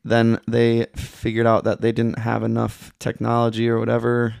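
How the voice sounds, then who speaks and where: A man's voice: medium pitch, monotone, moderate pace, vocal fry, a little mellow, no room sound, clean studio sound. A young man from Michigan, a podcast guest telling a story in a laid-back, rambling way, swearing a lot. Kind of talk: casual chat.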